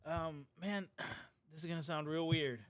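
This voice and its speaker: A man's voice: a little high, steady tone, a little slow, no room sound. A man co-hosting a podcast, chatting casually and profanely, acting out mock dialogue between studio people. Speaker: podcast co-host. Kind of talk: casual banter.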